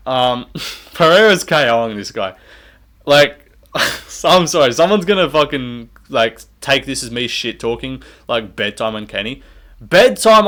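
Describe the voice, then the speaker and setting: A man's voice: on the high side, fairly bright tone. A young man giving fight predictions in a heated, profane, sarcastic rant. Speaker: MMA commentator. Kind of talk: ranting fight-prediction vlog.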